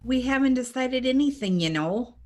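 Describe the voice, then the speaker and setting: A woman's voice: sits high, lively intonation, normal speed, a little mellow. A woman performing an improvised comedy scene with a Minnesotan accent, plain and folksy.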